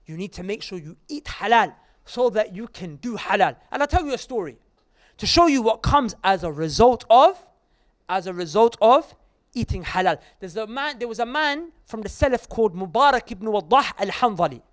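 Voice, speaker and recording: A man preaching a lively sermon to a live audience in an Islamic centre, joking with the crowd and addressing it directly. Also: sits high, moderate pace.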